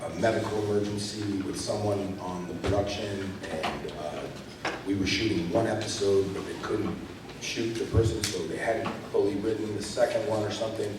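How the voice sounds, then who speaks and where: A man's voice: lowish voice, noisy background. A man, an actor, talking casually at a convention panel, telling stories in a rambling way full of fillers. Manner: rambling, filler-heavy storytelling. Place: large convention hall. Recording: echoey hall from far off.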